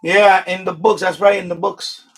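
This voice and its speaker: A man's voice: high voice, fairly even intonation, normal speed, a bit bright, slightly rough, soft background music. A man hosting a casual live stream. He rambles, restarts his sentences and swears now and then at his equipment. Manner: rambling, frustrated asides and mild swearing; repeats himself and restarts sentences.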